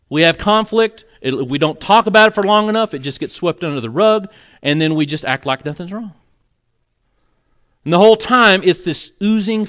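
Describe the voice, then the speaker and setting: A man preaches to his congregation in an earnest, conversational way. He talks plainly and now and then grows emotional. His voice sits a little higher than most men's. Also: a bit bright. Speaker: pastor. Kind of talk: sermon. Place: church sanctuary.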